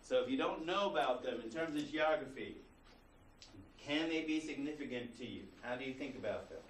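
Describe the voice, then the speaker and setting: A man's voice: mid-range voice, lively intonation, a little fast, a little hiss or hum. A man teaching a college class in a conversational way, full of rhetorical questions. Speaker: college instructor. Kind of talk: classroom lecture. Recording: roomy classroom recording from a distance.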